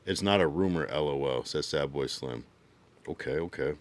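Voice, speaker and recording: A man's voice: very deep voice, moderate pace. A man livestreaming, chatting loosely with slang and swearing while reading viewers' messages aloud. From United States. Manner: loose, slangy and profane, reacts to chat messages.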